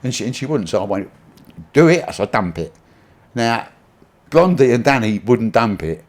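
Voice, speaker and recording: A man with a lively, swooping delivery, talking with a friend. He swears casually and acts out the lines of the people in his stories. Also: on the low side, normal speed. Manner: animated, sweary, acts out quotes. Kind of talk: casual chat.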